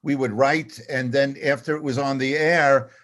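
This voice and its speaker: An older man, a comedy writer, telling an animated, self-deprecating anecdote and acting out the dialogue. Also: medium pitch, moderate pace. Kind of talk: storytelling anecdote.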